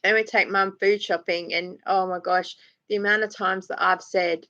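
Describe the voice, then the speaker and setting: A woman's voice: medium pitch, fairly even intonation, moderate pace, bright, forceful tone, no room sound, dull audio. An Australian woman in her forties hosting a casual live chat, telling stories with frequent laughter. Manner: chatty storytelling, laughs often, acts out voices. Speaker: live-stream host.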